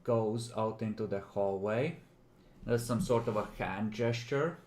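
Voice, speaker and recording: Guy running a tabletop game, slow laid back narration, echoey room. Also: lowish voice, a little mellow, slight background noise. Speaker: game master.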